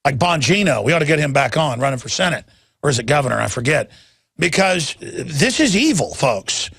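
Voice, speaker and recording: Gravelly man ranting as a talk host. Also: a little high, very animated, brisk, fairly bright tone, dry recording. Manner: heated, emphatic, stammering restarts. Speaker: radio talk show host. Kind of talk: ranting talk radio monologue.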